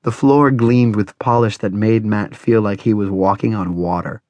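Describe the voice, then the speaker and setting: A man narrates a novel in a measured, dramatic reading. His voice sits fairly low, and the recording is dry and close with no room sound. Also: steady tone, a little mellow, dry recording. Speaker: audiobook narrator. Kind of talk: scripted narration.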